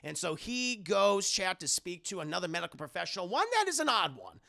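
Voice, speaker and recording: A man's voice: high-pitched, fairly quick, creaky. Rambling, profane man recapping a film. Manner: rambling, profane, animated, many fillers and restarts. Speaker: streamer reviewing a film. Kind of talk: casual spoken film recap.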